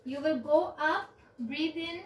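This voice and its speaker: A woman, teaching children yoga on a video call with slow, clear instructions and counting. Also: high-pitched, a little hiss or hum. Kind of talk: online yoga class for children. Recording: roomy, distant from the mic.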